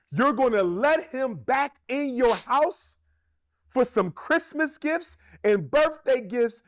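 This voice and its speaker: Male commentator, high and very lively voice, emphatic and rhetorical, opinionated delivery. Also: dry recording, studio quality. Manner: emphatic and rhetorical, repeats points for effect.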